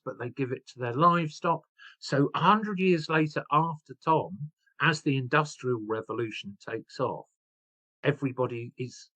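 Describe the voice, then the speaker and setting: A man tells history stories as an author guest, eager and rambling, often restarting his sentences. His pitch sits in the middle of the range but swings widely. The recording is dry and close. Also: a bit bright, dry recording, poor audio. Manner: enthusiastic, digressive, frequent restarts. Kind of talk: storytelling history talk.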